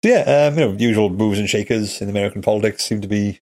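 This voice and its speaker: A man co-hosting a casual podcast, chatting and reading aloud haltingly, laughing often. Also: lowish voice, darkish tone. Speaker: podcast co-host. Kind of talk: casual chat.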